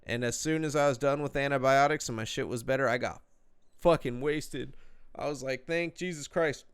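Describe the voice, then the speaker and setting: Young guy on a podcast, swears nonstop, smooth clear voice, all animated storytelling. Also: medium pitch, a little fast. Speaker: podcast co-host. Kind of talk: casual chat.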